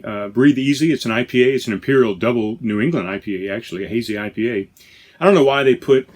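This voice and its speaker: A man hosting a podcast in casual chat, rambling and correcting himself as he talks from inside a trailer. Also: lowish voice. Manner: rambling, self-correcting, chatty. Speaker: podcast host. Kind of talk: casual beer-tasting chat.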